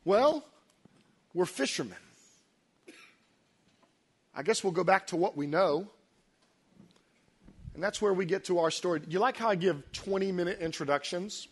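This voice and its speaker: Pastor guy, middle-aged, high voice, preaching, gets real soft and emotional telling stories. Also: expressive, a little slow, long pauses, breathy edge. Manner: emotional, storytelling, quiet dips into near-whisper. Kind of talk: sermon.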